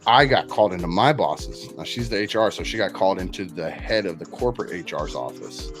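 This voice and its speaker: A man's voice: low voice, animated, fairly quick. A man, telling a long workplace story in a casual, profane, self-mocking way. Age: 40s. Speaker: podcast host. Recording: music playing underneath.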